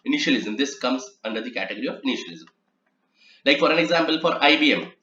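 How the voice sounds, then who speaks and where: A transcription trainer from India gives an instructional lecture on transcription rules, his medium-pitched voice sharp and animated, though he talks fast. He explains patiently and spells out every example, recorded in an echoey, slightly muffled room.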